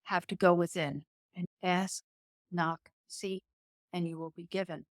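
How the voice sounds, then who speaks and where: A woman guest on a faith and business podcast who speaks in an earnest, measured, motivational way and slows down to stress key words. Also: on the low side, fairly even intonation, no echo, clean studio sound. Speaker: guest entrepreneur. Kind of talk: faith-based business interview.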